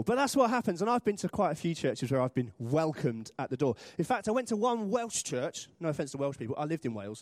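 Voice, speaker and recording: A man's voice: on the high side, darkish tone, no room sound, clean studio sound. A man from Britain preaching a sermon in church, chatty and self-deprecating, acting out little voices for humor.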